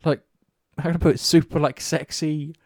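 A man's voice: fairly high pitch, moderate pace, no room sound, clean studio sound. A man chatting casually about games, rambling and swearing freely as he tells stories. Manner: rambling, swears often, animated storytelling.

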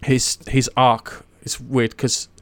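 A man's voice: medium pitch, level tone, takes it slowly, creaky, no room sound. A man chatting casually and eagerly about a series, rambling with many fillers and restarts. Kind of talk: casual chat.

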